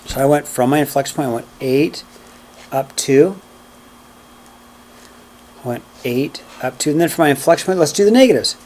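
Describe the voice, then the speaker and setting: A man's voice: a little high, normal speed, long pauses, a little mellow, slight background noise. A man teaching math to a class, counting points aloud and often checking in with "okay?" and "right?". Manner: counts steps aloud while graphing. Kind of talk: classroom lecture.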